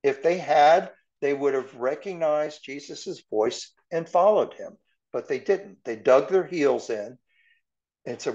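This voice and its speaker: A man's voice: a little high, a little slow, darkish tone, dull audio. A man giving verse-by-verse Bible teaching in a conversational way, asking his class rhetorical questions.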